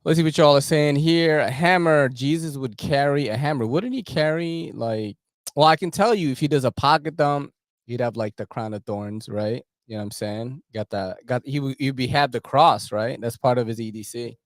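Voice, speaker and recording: Slangy man hosting a livestream, mid-pitched, dry close sound. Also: normal speed, no echo. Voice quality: slangy, laughing, animated. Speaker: host. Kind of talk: casual livestream chat.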